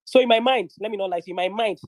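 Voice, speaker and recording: A young woman from northern Nigeria with a Nigerian English accent, telling a story in a lively, chatty way and slipping into pidgin. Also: mid-range voice, very fast, no echo. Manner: animated, mixes pidgin, acts out quoted voices. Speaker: guest speaker in an online audio room. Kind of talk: casual storytelling. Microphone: phone or headset in an online audio room.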